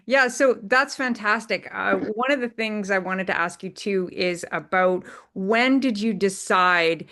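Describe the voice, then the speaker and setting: A woman's voice: medium pitch, unhurried, hardly any pauses, fairly bright tone. A woman hosts an interview and leads into each question with eager praise. Her tone stays enthusiastic and admiring throughout. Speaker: interview host.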